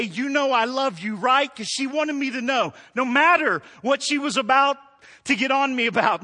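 Man, high voice, bright tone, middle-aged, animated sermon delivery. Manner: animated preaching, builds to emphatic peaks then drops soft. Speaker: pastor.

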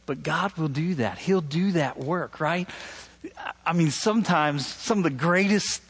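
A man's voice: on the high side, a little slow, slightly rough. A man preaching a sermon, asking his listeners "right?" and mimicking sarcastic tones when he quotes. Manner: animated preaching, rising loud on emphasis, asks "right?" often. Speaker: pastor.

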